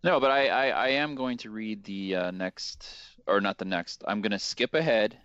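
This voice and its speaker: A man with a lowish voice co-hosting a casual podcast, landing his jokes in a dry, deadpan way. The recording is dull and lo-fi, and the close, dry sound has no room around it. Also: moderate pace, clean tone, no echo. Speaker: podcast co-host.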